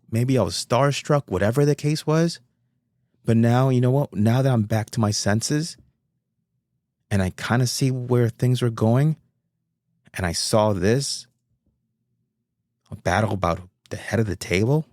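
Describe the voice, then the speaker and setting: A man hosting a casual solo podcast, talking in an excitable, rambling way and swearing freely. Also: mid-range voice, a little slow, pauses often, no echo, clean studio sound. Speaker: podcast host.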